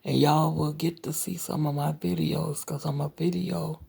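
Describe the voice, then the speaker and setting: Slow, husky, gravelly-voiced woman in her forties. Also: deep voice, little pitch movement, warm tone. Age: 40s. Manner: slow, rambling talk with many fillers and whispered asides. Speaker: vlogger. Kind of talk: casual personal vlog.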